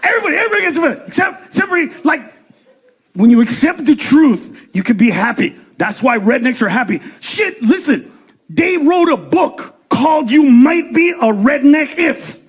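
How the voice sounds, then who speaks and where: A man doing a profane stand-up comedy set, ranting fast, shouting punchlines and acting out voices. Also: very high-pitched, big pitch swings.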